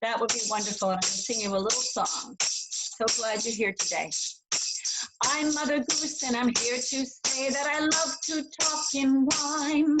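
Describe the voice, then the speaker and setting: A woman playing a cheerful, motherly Mother Goose from the storybook, with a high, bright voice that lilts along in sing-song. She coaxes young listeners to join in and slips easily into sung nursery rhymes. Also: lightly acted, poor audio. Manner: sing-song, warmly coaxing, addresses children directly; sings and recites rhymes, rapid tongue twisters. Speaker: children's library performer. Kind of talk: interactive nursery-rhyme show for children.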